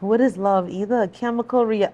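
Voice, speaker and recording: A woman guest on a casual date chat, quick-witted and teasing, often laughing. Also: medium pitch, mellow, lo-fi sound, slight background noise.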